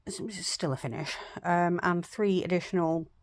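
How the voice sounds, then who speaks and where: A woman's voice: lowish voice, normal speed, no room sound. Chatty woman with a dry, close sound. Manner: chatty, self-deprecating, rambling with fillers. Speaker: craft vlogger. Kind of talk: casual chat to camera. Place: home craft room, indoors.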